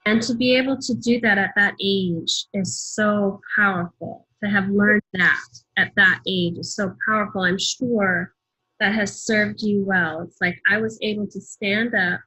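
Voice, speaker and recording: A woman's voice: medium pitch, fairly even intonation, unhurried, bright, forceful tone, slightly rough, rough recording. A woman hosting a podcast interview, affirming and encouraging her guest. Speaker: podcast host.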